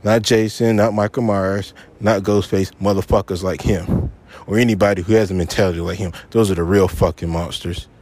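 A man's voice: deep voice, fairly even intonation, a little fast, a little mellow. A man hosting his own podcast, ranting angrily with heavy swearing and repeating his points for emphasis, frustrated and upset. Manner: angry, profane, repeats himself for emphasis. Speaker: podcast host. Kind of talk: solo podcast rant.

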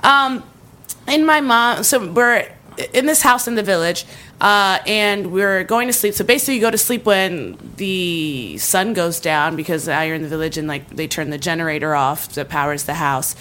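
Animated young woman telling a funny story. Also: on the low side, moderate pace, a little hiss or hum. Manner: animated, laughing, filler-heavy with many likes and ums. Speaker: storyteller on a comedy podcast. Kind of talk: casual comedic storytelling.

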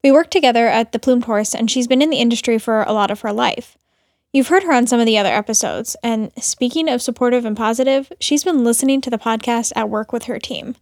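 A woman's voice: on the high side, fast talker, darkish tone, no room sound, clean studio sound. Woman narrating her own podcast. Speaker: podcast host and cook.

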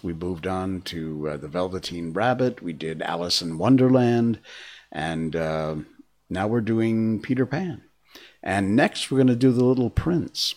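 A man introducing and reading a storybook aloud in a relaxed, chatty way. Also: low voice. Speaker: storybook reader.

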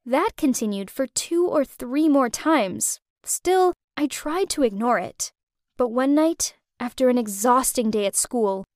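High-voiced woman narrating her story. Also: dry recording, clean studio sound. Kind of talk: first-person storytelling narration.

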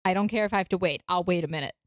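A woman's voice: lowish voice, racing, no room sound, studio quality. A woman playing a tabletop game, casual and playful. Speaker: player.

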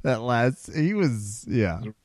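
A man's voice: mid-range voice, lively intonation, slow, darkish tone, dry recording, clean studio sound. A man co-hosting a podcast, joking and rambling through casual banter. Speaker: podcast co-host. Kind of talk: casual chat.

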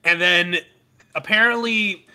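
A man co-hosting a casual podcast, recapping a film in an animated way and laughing often. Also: high-pitched, takes it slowly, clear, resonant tone. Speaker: podcast co-host. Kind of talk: casual comedic chat.

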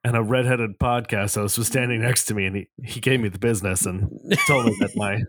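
Man podcast co-host, dry close-miked voice, quick wry humor. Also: fairly low pitch, fairly even intonation, a bit bright, dry recording. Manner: wry, jokey, playful role-play bits. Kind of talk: casual chat.

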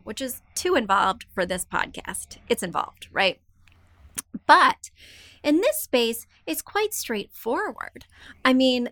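Woman podcast host, higher register, chatty and self-deprecating, dry close recording. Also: a bit bright, no echo. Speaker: podcast host, interior designer. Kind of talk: casual podcast advice, reading listener emails.

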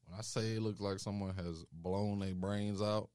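A young man co-hosting a podcast, telling a story in a casual, animated way and acting out the people he quotes. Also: moderate pace, clean tone, dry recording, studio quality. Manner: animated storytelling, acts out quotes with rising pitch. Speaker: podcast co-host.

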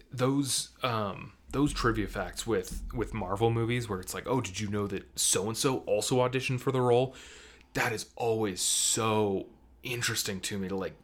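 A young man co-hosting a casual podcast, rambling and animated, full of fillers and restarts. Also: fairly low pitch. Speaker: podcast co-host.

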